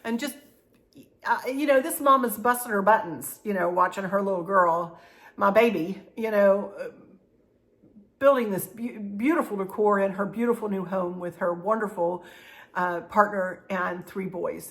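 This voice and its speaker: A woman's voice: mid-range voice, normal speed. A middle-aged woman hosting her own vlog, talking heartfelt and rambling, with many fillers and restarts. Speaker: channel host. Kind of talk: heartfelt casual vlog chat.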